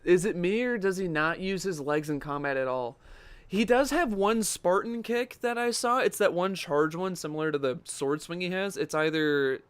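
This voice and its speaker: Excitable young man streaming a fighting game. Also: on the high side, clear, resonant tone, no echo. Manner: chatty and excitable, talks to chat, laughs often. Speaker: gaming livestreamer. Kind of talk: casual live gameplay commentary.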